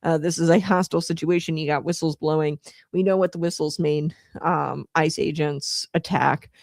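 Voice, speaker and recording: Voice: mid-range voice, steady tone, moderate pace, vocal fry, no echo, clean studio sound. A host giving casual political commentary, rambling with many fillers. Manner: rambling, filler-heavy, laughs often.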